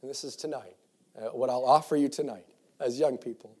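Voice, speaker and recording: Fervent preacher, dark-toned man. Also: medium pitch, fairly quick, husky. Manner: builds from quiet reflective passages to loud fervent exhortation; reads scripture in King James wording, with repeated restarts. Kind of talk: sermon to young people.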